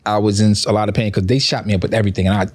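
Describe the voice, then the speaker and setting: A man's voice: lowish voice, steady tone, very fast, darkish tone, dry recording. A man co-hosting a podcast, candidly telling a slangy story of a hard hospital stay. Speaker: podcast co-host. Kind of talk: casual chat.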